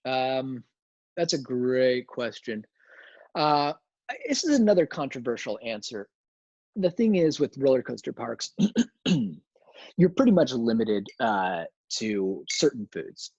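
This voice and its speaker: A man hosting a livestream Q&A, answering questions with deadpan absurd humor. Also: medium pitch, takes it slowly, dry recording, highs cut off. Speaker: host. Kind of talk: livestream Q&A chat.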